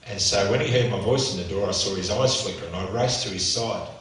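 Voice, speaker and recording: Brief: middle-aged male speaker, lowish voice, storytelling talk, recorded from afar in a very echoey church with faint hiss. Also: fairly quick, a bit bright. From Australia. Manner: vivid, emotional storytelling, acting out dialogue. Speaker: motivational speaker. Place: church hall. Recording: echoey church hall from far off, faint noise.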